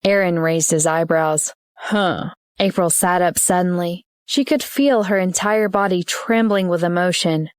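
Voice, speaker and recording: A woman narrating an audiobook in an even, steady reading voice. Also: lowish voice, normal speed, few pauses, clear, resonant tone, no echo. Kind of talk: scripted narration.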